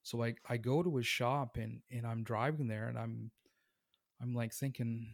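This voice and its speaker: A man telling a story about his career as a tattoo artist in a relaxed, conversational way. He acts out the other people in the story and laughs often. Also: medium pitch, moderate pace, gravelly, no echo, studio quality. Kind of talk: casual storytelling.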